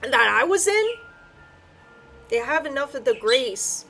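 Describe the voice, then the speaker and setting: A woman's voice: high-pitched, very animated, a little slow, vocal fry, sharp tone, soft background music. A woman giving a heartfelt solo spiritual reading, earnest and emotional, her voice close to tears at times. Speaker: tarot and I Ching reader.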